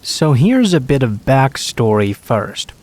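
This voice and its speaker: A man narrating true scary stories in a steady, matter-of-fact reading voice. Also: medium pitch, takes it slowly. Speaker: horror story narrator.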